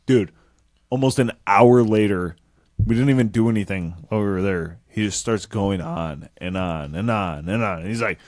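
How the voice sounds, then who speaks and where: A man's voice: lowish voice, normal speed, darkish tone, no room sound. Swearing, rambling podcast guy, dry sound. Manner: rambling storyteller, swears a lot. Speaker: podcast co-host. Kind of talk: casual chat.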